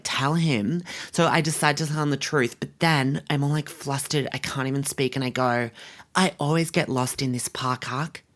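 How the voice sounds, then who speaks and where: A man's voice: on the high side, a bit bright, lightly acted. A man playing a spoiled, bratty young Australian woman about to turn 21, talking in a vlog-style comedy monologue full of "like" and crude swearing. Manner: valley-girl drawl, filler likes, crude swearing.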